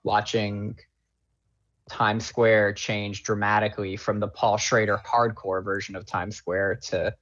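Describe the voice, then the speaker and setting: A man's voice: lowish voice, flat delivery, unhurried, fairly bright tone, lo-fi sound. A man appearing as a writer guest on a podcast, talking passionately about a film's themes and swearing freely. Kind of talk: casual film discussion.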